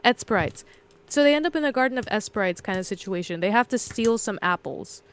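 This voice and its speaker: A woman co-host chatting her way through a story recap, circling back and correcting herself as she goes. Her voice is smooth and clear, sitting at an ordinary middle pitch. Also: animated, a little fast. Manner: rambling, loose recap full of fillers and self-corrections. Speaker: podcast co-host. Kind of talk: casual chat, retelling a story.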